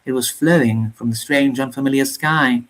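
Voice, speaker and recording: A reader narrating a grim war novella aloud in a measured, somber way. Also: medium pitch, poor audio. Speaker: reader of a story channel.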